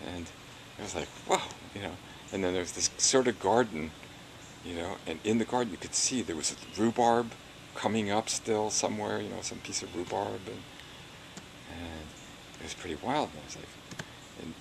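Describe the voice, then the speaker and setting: A man's voice: low-pitched, normal speed, creaky, pauses often, noisy background. An older man recounting his past in an oral history interview, rambling and chuckling, with many "you know"s.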